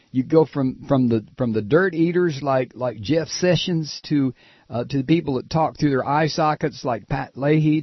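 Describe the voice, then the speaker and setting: A man's voice: fairly high pitch, breathy edge, no room sound, dull audio. A man hosting a radio talk show, ranting with scornful, mocking commentary. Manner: scornful, mocking, rising to anger.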